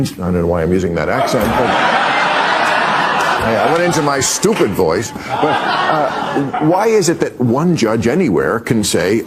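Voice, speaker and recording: Animated man ranting sarcastically. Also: mid-range voice, unhurried, slight background noise. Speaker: talk show host. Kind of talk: comedic talk show banter.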